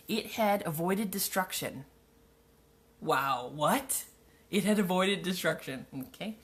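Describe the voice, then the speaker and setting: A woman's voice: lowish voice, animated, normal speed. A woman reading her own childhood story aloud, breaking off for wry, sarcastic asides. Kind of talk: live reading with mocking commentary.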